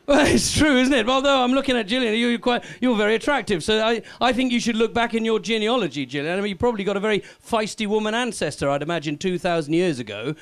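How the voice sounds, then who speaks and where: A man's voice: high-pitched, fast, gravelly. A Welsh man doing a live stand-up comedy set, cheekily teasing and chatting with the audience. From Wales.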